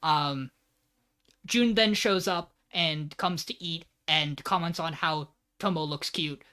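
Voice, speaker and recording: A man's voice: a little high, slow, pushed and bright, clear, resonant tone. A man co-hosting a podcast, giving a loose, joking plot recap and swearing freely. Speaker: podcast co-host.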